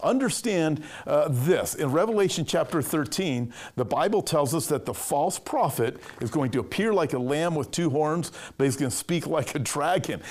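Man, pastor, emphatic prophecy sermon, slightly higher voice, from California. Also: a little mellow. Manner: emphatic, reads news quotes aloud.

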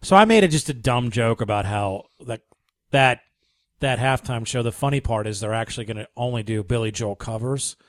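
A man's voice: medium pitch, no echo. Guy cohosting radio, chatty, teasing, dry close sound. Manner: chatty, quick to agree and tease. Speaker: radio host. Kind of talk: casual radio banter.

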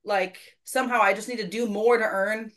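A woman's voice: mid-range voice, fairly even intonation, normal speed, a bit bright. A woman talks through a personal church story on a faith podcast. She is earnest and a little self-deprecating, and she acts out what people said in a mid-range voice. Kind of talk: casual faith conversation, storytelling.

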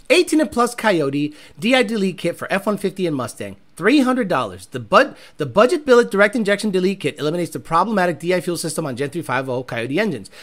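On a livestream, a performance car tuner talks in a casual, blunt, animated way, cursing without restraint. His voice sits high.

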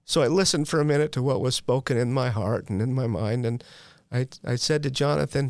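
A man's voice: mid-range voice, a little fast, hardly any pauses, no room sound, clean studio sound. Frank middle-aged man telling his story. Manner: frank and self-deprecating, with wry humor and slangy asides. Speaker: guest sharing a recovery story. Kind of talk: candid personal storytelling.

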